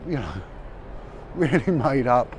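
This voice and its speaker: A man's voice: mid-range voice, expressive, takes it slowly. Rambling man vlogging on the street. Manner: chatty, rambling, many restarts and fillers. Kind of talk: walking livestream commentary. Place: busy city streets outdoors. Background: passers-by and street noise.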